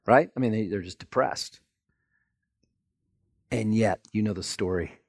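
A man preaching a sermon, telling the story in an animated way and acting out the people in it. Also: deep voice, normal speed, no echo, studio quality. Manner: animated storytelling, acts out voices. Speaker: pastor.

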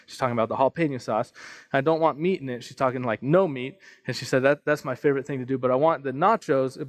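A man in his thirties preaching a sermon, telling a personal family story in an animated way, often restarting and repeating phrases. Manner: storytelling, animated, rises in pitch and volume at emotional peaks. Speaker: pastor.

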